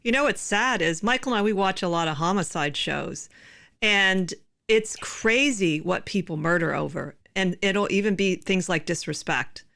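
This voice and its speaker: A woman's voice: medium pitch, normal speed, gravelly, fairly bright tone. A woman host on a video call, talking in a casual, conversational way. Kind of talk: casual chat.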